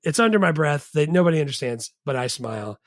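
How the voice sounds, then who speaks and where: A man's voice: on the high side, fast talker, no room sound, clean studio sound. A man co-hosting a movie podcast, chatting casually and acting out quotes from the film. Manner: animated, quotes movie lines in silly voices. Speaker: podcast co-host.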